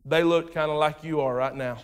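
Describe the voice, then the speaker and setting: A pastor preaching an animated sermon, swinging between loud and hushed. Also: male voice, a little high, brisk, smooth. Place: church sanctuary. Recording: long reverb of a large hall.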